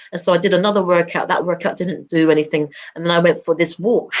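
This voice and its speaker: A woman's voice: on the low side, fairly even intonation, quick pace. A woman talking in a radio chat, reflective and encouraging as she shares personal experience. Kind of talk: casual chat.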